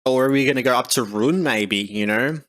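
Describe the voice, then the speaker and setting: A relaxed Australian man talks on a livestream at a middle pitch. His speech is easygoing and rambling, full of "you know" and "like" as he thinks aloud. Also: brisk. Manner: rambling, laid-back, lots of "you know" and "like". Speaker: streamer. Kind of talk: casual livestream chat.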